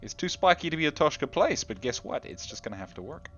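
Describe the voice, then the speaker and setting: A man's voice: fairly high pitch, big pitch swings, fast, fairly bright tone, lo-fi sound, soft background music. A man hosting his gaming channel, rambling in casual gameplay commentary, self-deprecating and talking straight to the viewer.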